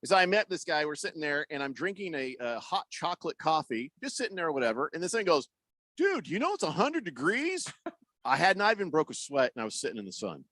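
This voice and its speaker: Lively rambling radio host man. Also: a little high, quick pace, dry recording. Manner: rambling storyteller, animated, acts out voices in anecdotes. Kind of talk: casual sports radio chat. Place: radio studio.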